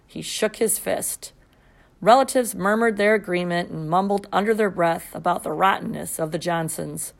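A woman reading a first-person children's story aloud. Her narration is expressive and steady. She keeps the storytelling clear. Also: on the low side, normal speed. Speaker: audiobook narrator.

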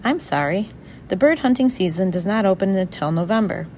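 A woman voicing an officious, muddled phone clerk in a storybook, speaking slowly and precisely. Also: mid-range voice, animated, a little mellow, a little hiss or hum. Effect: heard over a telephone in the story.

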